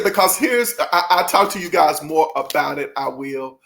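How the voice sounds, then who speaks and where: Gushing, gravelly-voiced man vlogging. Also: fairly high pitch, moderate pace. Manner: gushing, emotional and excitable; folksy, addresses viewers directly. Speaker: channel host. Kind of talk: casual vlog chat to viewers.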